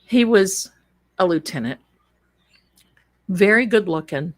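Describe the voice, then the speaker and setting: A woman's voice: medium pitch, animated, slow pace. A woman telling a spooky personal story on a live show in a chatty, dramatic and folksy way, calling her listeners darlings.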